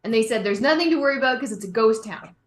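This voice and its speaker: A woman playing a tabletop game, calmly explaining what she saw. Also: on the high side, fast talker. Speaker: player. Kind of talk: casual tabletop role-play. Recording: roomy echo.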